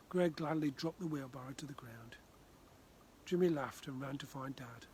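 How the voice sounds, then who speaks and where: A man from the Far North of Scotland reading his children's book aloud, gently. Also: medium pitch, normal speed, slight background noise. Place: outdoors by a frozen loch.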